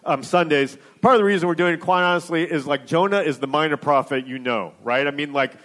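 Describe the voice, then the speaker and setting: A man's voice: a little high, quick pace, a bit bright. A man preaching a sermon as a pastor, conversational and hesitant, with lots of fillers and frequent "right?" checks.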